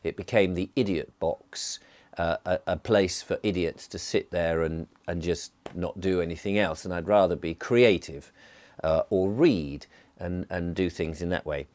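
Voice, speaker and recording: A man's voice: sits low, moderate pace, a little mellow. An English man with a near-posh southern English accent, chatting in a rambling, genial sit-down vlog and sounding a bit groggy from a cold. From England. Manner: rambling, genial, well-enunciated. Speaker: vlogger. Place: indoors, seated.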